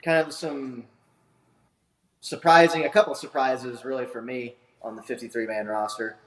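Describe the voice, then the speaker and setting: Male podcast host on a video call, casual and rambling, mid-pitched, echoey room. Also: fairly even intonation, moderate pace, a bit bright. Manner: rambling, many fillers and restarts. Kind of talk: casual sports chat.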